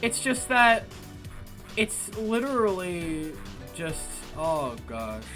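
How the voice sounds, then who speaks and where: A young man streaming casually, ranting loud and exasperated and repeating himself. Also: high voice, very animated, drawn-out words, music in the background. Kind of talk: casual chat on a livestream.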